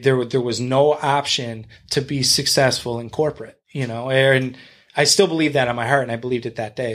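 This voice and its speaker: A man's voice: mid-range voice, a bit bright. A man being interviewed on a podcast as a real estate agent and investor, talking in a blunt, rambling, enthusiastic way and swearing freely.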